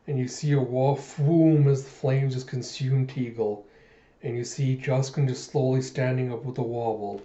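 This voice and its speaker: A man hosting a manga readthrough, retelling the story in an animated, casual way with spoken sound effects. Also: mid-range voice, normal speed. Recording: echoey room, dull lo-fi sound.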